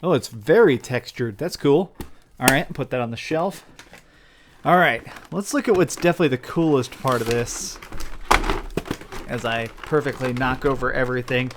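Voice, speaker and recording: A young man hosting a game review and unboxing vlog, talking with gushing, animated enthusiasm. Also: medium pitch, moderate pace, noisy background. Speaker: game reviewer and channel host.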